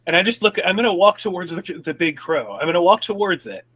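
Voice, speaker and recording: A man in the middle of a tabletop role-playing session, talking in character with a slightly high voice. He is excitable, swears freely and keeps restarting his sentences. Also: quick pace, lo-fi sound. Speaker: tabletop game player.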